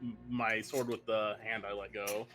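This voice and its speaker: A young man playing in a tabletop game, speaking in halting, stammering restarts. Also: on the low side, flat delivery, music in the background. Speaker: player. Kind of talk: casual tabletop play.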